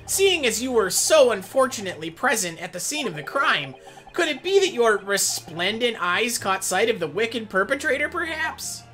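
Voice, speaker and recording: A man voicing a pompous, flowery gentleman in a game, with a high theatrical over-polite delivery. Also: big pitch swings, moderate pace, soft background music, full character voice. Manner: ornate, fawning delivery.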